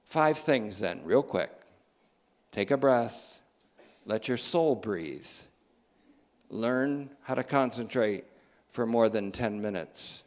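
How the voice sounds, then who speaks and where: Slow, emphatic male preacher. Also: medium pitch, expressive. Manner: slow, emphatic preaching with asides and joking digressions. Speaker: pastor. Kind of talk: sermon.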